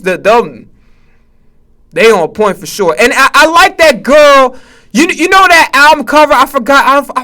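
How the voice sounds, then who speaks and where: A man's voice: very high voice, bright, forceful tone. A man streaming live, giving reaction commentary in a profane, stammering, rant-like way from his home setup. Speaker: Twitch streamer.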